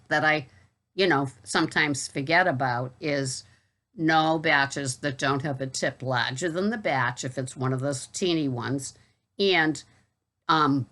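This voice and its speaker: A woman's voice: deep voice, a bit bright. A woman with a Boston accent, vlogging about her gig delivery work in a chatty, wry way with exasperated asides. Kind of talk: casual talk to camera.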